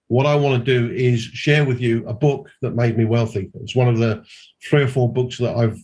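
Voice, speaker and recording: A man's voice: medium pitch, darkish tone, husky. A man giving a mentoring talk, emphatic and repeating his key points. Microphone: call audio.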